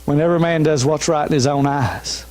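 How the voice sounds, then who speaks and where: A man's voice: a little high, a little fast, a little mellow. A man, a pastor, preaching an emphatic sermon with repeated refrains. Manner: emphatic, repeats refrains, urges listeners to listen.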